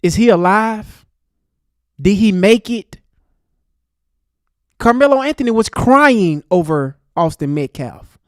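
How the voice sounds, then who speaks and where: Man, heated commentary host, angry rant, swinging pitch, dry close mic. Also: animated, slow pace, pauses often, clear, resonant tone, no echo. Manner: angry, ranting, addresses the speaker directly.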